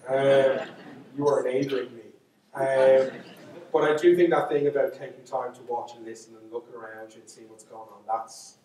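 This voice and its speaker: A man's voice: medium pitch, steady tone, normal speed, dark tone, slight background noise. A man with a Dublin Irish accent, telling stories to a live audience in a lecture hall, chatty and self-mocking, with lots of asides. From Ireland. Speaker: storyteller. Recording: echoey hall, voice from far off.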